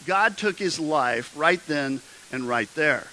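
A man's voice: a little high, expressive, slow, pushed and bright, poor audio. A man preaching a sermon, telling a story with jokes and acting out the quotes. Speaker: pastor. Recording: faint hiss.

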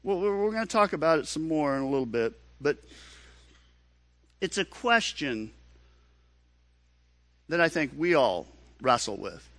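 Bright-voiced man preaching slowly. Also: fairly high pitch, big pitch swings, no echo. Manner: earnest, repeats words, rising to pleading questions. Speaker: pastor. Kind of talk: sermon.

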